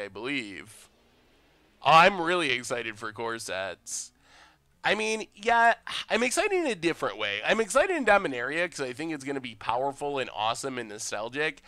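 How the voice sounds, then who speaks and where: A young man casually commenting on his card game stream, chatty and excitable, reading out chat messages. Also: medium pitch, normal speed, no room sound.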